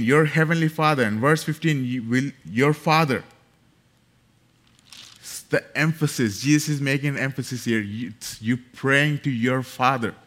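A man's voice: mid-range voice, a bit bright. A man preaching a sermon, emphatic and building in force, repeating key phrases. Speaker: pastor.

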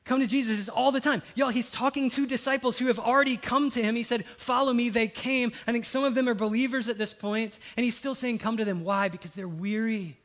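High-voiced preacher man, animated. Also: a little fast, hardly any pauses. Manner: animated, swings from loud exclamations to hushed quotes. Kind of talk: sermon.

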